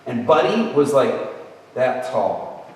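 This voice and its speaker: A man's voice: medium pitch, very animated, slow, a little mellow, slight background noise. A man telling a personal story in a sermon, acting out the people he quotes with big jumps in his voice. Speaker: preacher. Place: large hall at an event. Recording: echoey hall from far off.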